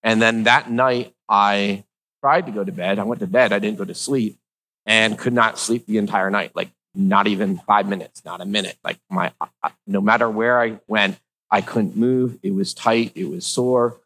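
A man's voice: on the low side, normal speed, a bit bright, poor audio. A middle-aged man with slightly slurred speech, telling a personal story in a casual, joking, rambling way.

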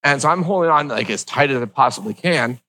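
Lively, wry man telling a story. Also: mid-range voice, fairly quick, rough recording. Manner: rambling, filler-heavy, wry. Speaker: vlogger telling a personal story. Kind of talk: casual storytelling to camera.

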